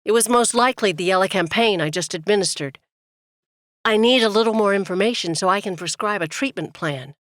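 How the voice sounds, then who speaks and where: A woman voicing a caring male frontier doctor who asks his patient questions in a calm, earnest way. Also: medium pitch, fairly quick, dry recording, studio quality, natural voice. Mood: gentle.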